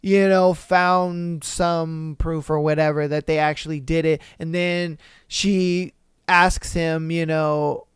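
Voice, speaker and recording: A podcast host reads a listener's story aloud, then comments on it bluntly and with lots of animation, swearing freely. His voice is fairly high, resonant, and smooth, with a level tone and slow pace, and the sound is dry, close, and free of echo.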